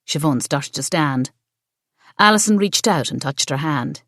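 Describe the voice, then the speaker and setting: A woman narrating an audiobook mystery in a steady storytelling manner. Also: deep voice, normal speed, no room sound, clean studio sound. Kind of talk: scripted narration.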